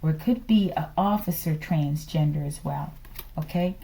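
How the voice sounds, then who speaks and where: A woman's voice: low voice, normal speed, gravelly, mellow. A woman giving a casual tarot reading, thinking aloud and dropping into whispered asides to the viewers. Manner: drops into whispered asides, often addresses the viewers as the collective; rambling, thinks aloud with frequent sighs and laughs. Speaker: tarot reader.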